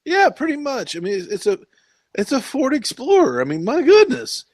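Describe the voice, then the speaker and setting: A man's voice: extremely high pitch, huge pitch swings, normal speed, no echo. Man, podcast host, casual rambling chat, laughs a lot, dry recording.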